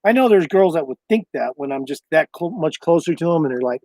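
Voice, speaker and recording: Man, livestreamer, high voice, rambling and profane, dry close sound. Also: lively intonation, fairly quick, few pauses, dark tone, dry recording. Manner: loose, profane, meandering talk. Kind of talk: casual rambling livestream chat.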